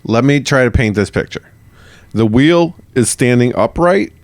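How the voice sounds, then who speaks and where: A man's voice: medium pitch, a little slow, dry recording. A man co-hosts a casual history podcast, firing off questions and jokes. His intonation swings a lot, and the sound is dry and close. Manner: animated, quizzical, joking. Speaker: podcast co-host.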